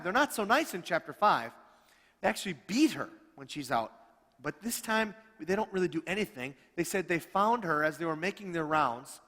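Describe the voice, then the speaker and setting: A middle-aged male pastor tells stories from the pulpit, slightly high-voiced and animated, slipping into the voices of the people in his tales. His words ring out with a long reverb off a church sanctuary. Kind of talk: storytelling sermon.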